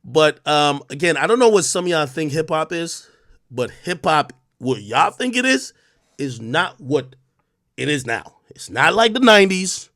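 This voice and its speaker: Animated man ranting with mocking scorn. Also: fairly high pitch, a little slow, no echo, clean studio sound. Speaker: livestreamer. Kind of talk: heated stream rant.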